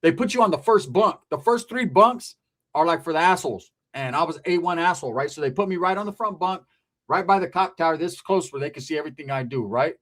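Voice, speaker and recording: A fast-talking man from California with a higher voice, appearing as a guest, relates his past in a loose, foul-mouthed, lively manner, imitating the voices of others in the story.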